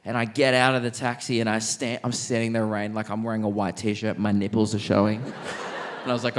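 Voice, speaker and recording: A young Australian man doing a stand-up comedy set in a large theatre, quick-witted and cheeky, laughing mid-line. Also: medium pitch, fairly even intonation, a little hiss or hum. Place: large theatre stage, live audience.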